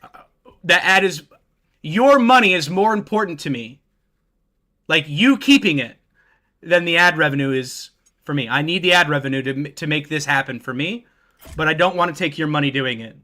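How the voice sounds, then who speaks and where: A man live-streaming and chatting casually with viewers, excitable and profane, thanking new followers by name. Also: on the high side, normal speed, pauses often.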